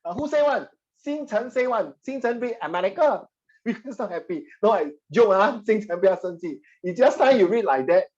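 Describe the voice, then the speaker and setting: A man teaching a history class, animated and teasing, slipping Mandarin phrases into his English. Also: sits high, a little fast, highs cut off. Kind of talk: classroom lecture.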